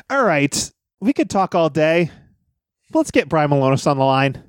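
A man with a high, lively voice hosts a podcast, cracking jokes and laughing at his guest's stories. His voice sounds dry and close-miked. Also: measured pace, dry recording. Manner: joking, laughs often. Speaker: podcast host. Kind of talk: casual podcast chat.

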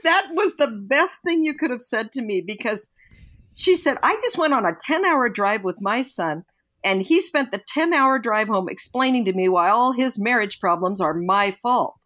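A woman's voice: fairly high pitch, moderate pace. Earnest older woman telling parenting stories. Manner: earnest, reflective, animated when quoting others. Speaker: podcast co-host, parenting guest. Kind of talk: casual podcast chat, storytelling.

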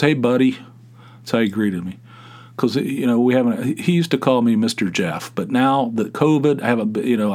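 A middle-aged man hosting a podcast, telling a casual rambling story with many restarts and exasperated asides. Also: mid-range voice. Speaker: podcast host. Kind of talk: casual monologue.

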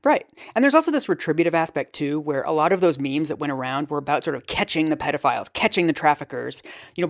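Woman guest with a low voice, animated and quick, casual interview.

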